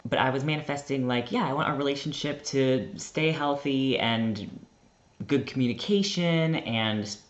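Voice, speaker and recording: Brief: young American man, mid-pitched, casual rambling vlogger, muffled lo-fi recording. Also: moderate pace. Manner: chatty, rambling, heavy use of "like". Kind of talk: casual storytelling vlog.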